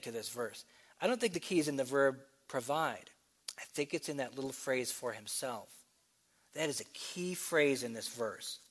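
A man preaching a sermon, explaining scripture with quick asides and slow, emphatic readings. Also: medium pitch, a bit bright. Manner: expository teaching, shifts between brisk asides and slow emphatic reading.

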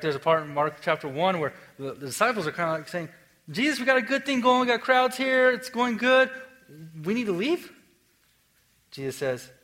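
A man preaching a sermon in a casual, conversational way, moving between lively emphasis and quiet, hushed stretches. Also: on the high side, low-quality recording. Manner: conversational, swings from energetic to hushed. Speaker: pastor.

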